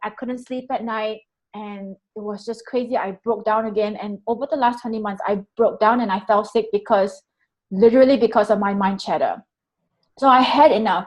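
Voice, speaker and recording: A woman guest telling a personal story in a candid, animated way, acting out her own inner voice and swearing freely. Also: a little high, poor audio.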